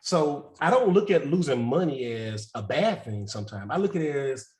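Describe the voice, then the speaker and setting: A man's voice: mid-range voice, lively intonation, normal speed, a little mellow. A man who coaches real estate investing, telling candid stories with a loose, self-mocking manner and frequent laughter on a group video call. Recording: roomy echo.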